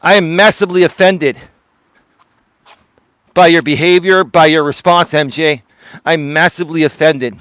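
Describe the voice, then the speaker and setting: A man with a high voice lectures his live stream audience while walking outdoors. He sounds indignant and repeats his points. The sound is dry and close, with little room around it. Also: fairly even intonation, normal speed, pauses often, a bit bright, smooth, no room sound. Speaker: life coach streamer.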